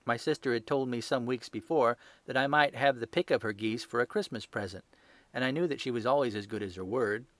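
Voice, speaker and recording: A man voicing a terrified young male hotel thief who pleads desperately with a shrill, high voice. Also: a little fast, no echo, lightly acted. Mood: anxious confessing.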